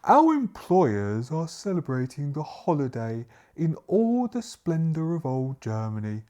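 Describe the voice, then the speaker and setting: A man's voice: a little high, wildly swooping pitch, a little slow, warm tone, voice pushed up. A man voicing a hunchbacked male butler who speaks formally and courteously in a solo tabletop game. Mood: reassuring. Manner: formal, stately speech.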